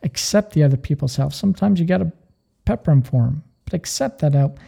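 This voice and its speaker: A man hosting a podcast, telling stories and giving earnest, energetic career advice. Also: fairly high pitch, brisk, gravelly, slightly rough. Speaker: podcast host. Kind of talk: motivational podcast talk.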